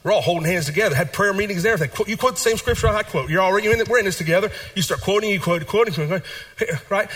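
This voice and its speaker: A man preaching a sermon as pastor, repeating phrases and moving between hushed and animated delivery. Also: sits high, rapid-fire.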